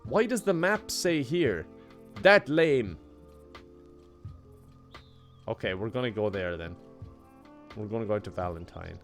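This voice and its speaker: A young Irish man chatting casually on a live game stream, reading out and thanking chat messages in a relaxed way and laughing often. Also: lowish voice, normal speed, soft background music.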